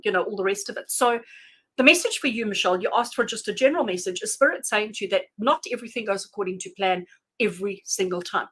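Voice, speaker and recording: A woman giving tarot readings on a live stream, chatty and animated, addressing viewers by name and laughing often. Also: medium pitch, slightly rough, low-quality recording. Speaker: tarot reader.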